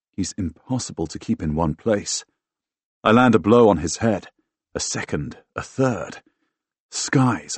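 Deep husky guy reading a fantasy audiobook, really expressive, pitch all over the place. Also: dry recording. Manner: dramatic, expressive, bursts into loud shouts in dialogue. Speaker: audiobook narrator. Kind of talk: first-person fantasy audiobook narration.

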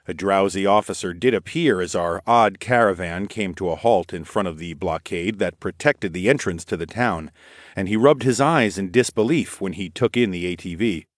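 A man reading an audiobook in first person with a steady, expressive delivery. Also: sits low, no echo, studio quality. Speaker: audiobook narrator. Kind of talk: scripted narration.

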